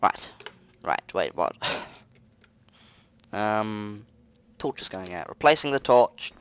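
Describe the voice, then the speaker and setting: Excitable man playing a game. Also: fairly low pitch, slow, clean tone. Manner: excitable, muttering to himself between loud outbursts. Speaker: gaming commentator. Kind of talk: let's play commentary. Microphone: close desk mic.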